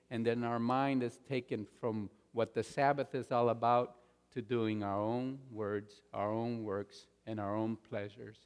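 A man preaching a sermon as pastor, stressing points loudly and then dropping to quiet asides. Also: mid-range voice, clear, resonant tone. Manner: emphatic, swings between loud stresses and quiet asides. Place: church sanctuary. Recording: long reverb of a large hall.

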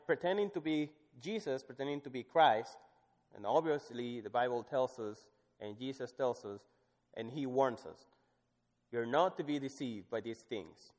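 Man preaching in a reverberant hall. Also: medium pitch. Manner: swings from loud emphatic scripture reading to soft, hushed asides. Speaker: pastor. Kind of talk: sermon.

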